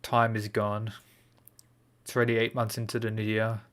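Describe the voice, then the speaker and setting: A man's voice: on the low side, completely flat delivery, normal speed, a bit bright. An Australian man chatting casually on a livestream, laid-back and rambling with lots of fillers. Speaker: anime streamer.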